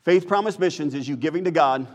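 American male pastor, sermon delivery, quizzes the congregation, higher-pitched voice. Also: fast talker, big-room sound. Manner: preaching, asks the congregation questions. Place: church sanctuary.

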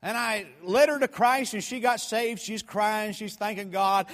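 Man, preacher, high voice, fervent sermon, hushed to shouting, long hall echo. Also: steady tone, a little slow.

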